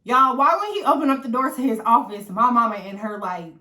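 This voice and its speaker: A woman in her twenties, a vlogger telling a personal story in a chatty, animated way, swearing freely and talking straight to her viewers. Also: a little high, brisk. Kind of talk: casual storytelling to the camera. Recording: echoey room.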